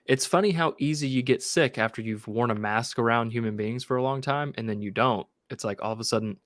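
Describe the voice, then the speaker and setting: A young man co-hosts a casual film podcast, laid-back and a little under the weather with a cold. He tells stories loosely and swears now and then. His voice is mid-pitched and sounds dry and close. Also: a little fast, fairly bright tone, dry recording. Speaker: podcast co-host. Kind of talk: casual chat.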